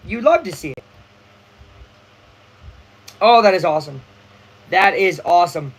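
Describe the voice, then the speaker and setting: A young man hosting a casual live baseball watch-along, chatty and excitable, full of slang. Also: high voice, moderate pace, pauses often, poor audio. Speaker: livestream host.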